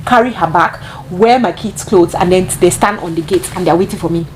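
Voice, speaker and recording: A woman, telling a story to her viewers in a casual, animated way and often calling them guys. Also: fairly low pitch, a little fast, a little hiss or hum. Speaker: vlogger.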